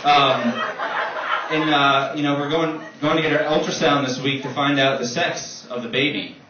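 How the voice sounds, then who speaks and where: A young man works a comedy club stage with a fairly high voice, swearing freely and racing through animated stories. The recording is muffled and roomy, caught from far off, with a constant noise bed and audience laughter. It sounds like a dull, distant live capture. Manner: profane, animated, fast storytelling. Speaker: stand-up comedian. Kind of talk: stand-up comedy set.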